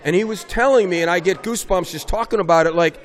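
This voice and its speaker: Animated storytelling man, high voice. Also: fast talker. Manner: animated storyteller, raises voice for emphasis. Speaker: basketball coach, guest. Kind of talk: casual interview conversation.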